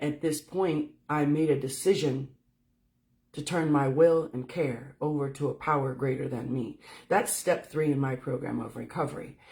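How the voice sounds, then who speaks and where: A woman's voice: rumbling low, darkish tone. Candid, swearing woman telling her story. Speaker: spiritual speaker. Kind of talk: casual livestream talk. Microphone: phone.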